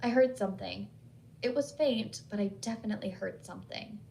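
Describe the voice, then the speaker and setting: A woman voicing a watchful female ghost hunter who speaks softly and urgently. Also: mid-range voice, brisk, vocal fry, a little hiss or hum, close to an everyday voice. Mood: hushed urgent. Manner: hushed, urgent.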